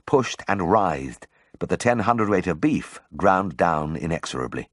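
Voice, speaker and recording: A man's voice: low voice, expressive, a little slow, no room sound. A man narrating a memoir audiobook in the first person, telling the story expressively.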